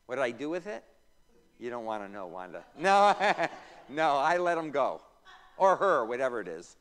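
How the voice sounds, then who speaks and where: A man's voice: mid-range voice, very animated, moderate pace, a bit bright, clear, resonant tone. A man, a pastor, teaching a Bible class in a church. He tosses in joking asides, reads scripture aloud and quizzes the class. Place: church room. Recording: reverberant church hall.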